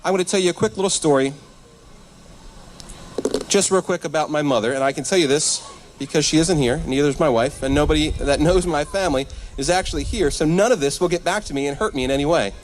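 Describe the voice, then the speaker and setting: A man in his thirties with a high voice tells a comic story to a live crowd. He is animated and self-deprecating, and faint room ambience sits under his voice. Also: fast, slight background noise. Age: 30s. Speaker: comedian. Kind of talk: stand-up comedy storytelling. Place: live event at a church.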